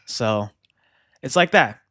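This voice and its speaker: A man's voice: medium pitch, animated, slow pace, bright, forceful tone. A man co-hosting a casual podcast chat, laid-back and agreeable, swearing now and then.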